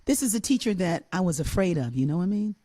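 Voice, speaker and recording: An older woman telling a childhood story on a talk show, animated and laughing, acting out the voices of the people in it. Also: lowish voice, fast talker. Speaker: co-host and musician.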